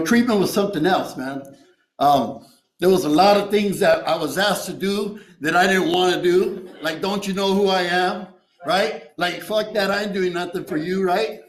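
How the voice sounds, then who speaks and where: A man's voice: sits high, roomy sound, a little hiss or hum, low-quality recording. A man sharing his recovery story at a meeting, streetwise and profane, tossing in "you know" and "right?". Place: meeting room.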